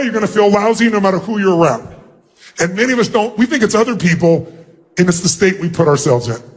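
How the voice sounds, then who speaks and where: Motivational speaker, male, husky and fairly high, loud commanding stage delivery in a big arena. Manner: loud, commanding, acts out quick little scenes. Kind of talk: seminar talk to a large audience. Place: large arena.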